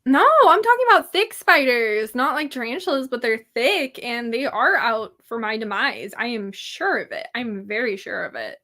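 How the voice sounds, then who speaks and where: Bright-voiced young woman, playfully dramatic. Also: fairly high pitch, big pitch swings, normal speed, few pauses. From California. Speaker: guest. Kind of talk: casual chat.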